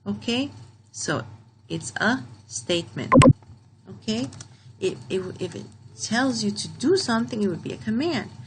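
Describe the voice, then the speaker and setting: A woman teaching a grammar lesson for children, reading each example slowly and repeating it. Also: fairly high pitch, animated, heavy background noise. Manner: slow, deliberate, repeats example sentences.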